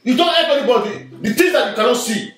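A man's voice: extremely high pitch, animated, fast, a bit bright, recorded from a distance. Confused, exasperated father on a vlog. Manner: confused and exasperated, repeats himself. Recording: echoey room, off-mic, music underneath.

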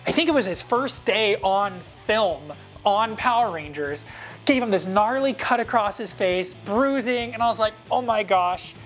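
A man in his thirties casually telling behind-the-scenes stories to camera, animated and acting out quoted lines in a higher voice. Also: normal speed, soft background music. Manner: animated, jumps up in pitch to act out quoted lines.

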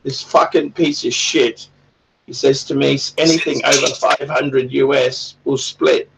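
A man's voice: mid-range voice, flat delivery, measured pace, creaky, distant mic, background noise. A man hosting a casual livestream chat, rambling and swearing a lot in a crude way. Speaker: livestream host.

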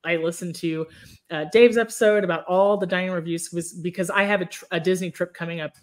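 A woman's voice: fairly low pitch, fairly even intonation, a little fast. A woman hosting a casual podcast chat, laughing often and asking her guests questions. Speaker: podcast host.

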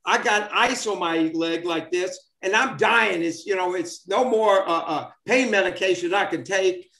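A man's voice: sits high, moderate pace, sharp tone. A man in his seventies telling old sports stories casually, rambling with many fillers and restarts. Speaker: former baseball player, guest. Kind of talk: casual storytelling. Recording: roomy echo.

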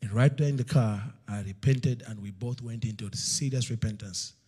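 A middle-aged male preacher telling a story in a sermon, swinging between loud slow outbursts and hushed near-whispers. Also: medium pitch, breathy edge. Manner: storytelling, acts out God's voice in loud slow bursts.

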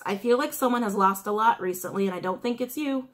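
A woman's voice: medium pitch, fast. A woman giving a casual tarot reading, musing aloud and repeating her phrases. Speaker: tarot reader.

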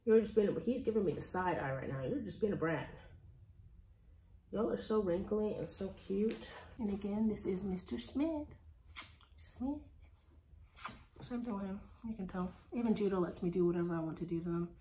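A woman's voice: mid-range voice, fairly quick, dark tone. Chatty woman cooing at puppies. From Texas. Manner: sweet baby talk to puppies, cooing and chatty. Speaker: dog breeder. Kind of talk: casual vlog narration. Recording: echoey room with faint noise.

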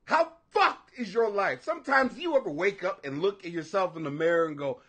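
Ranting briskly on his own live stream, a man in his forties has a high, bright, sharp voice that jumps around wildly. The commentary is casual, loud, animated and profane, and he keeps laughing at his own jokes.

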